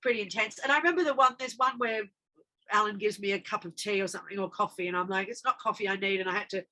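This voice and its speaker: Actress, bright-voiced, animated storyteller, for a casual interview. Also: female voice, mid-range voice, quick pace. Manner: animated, acts out dialogue in her anecdotes. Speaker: actress guest.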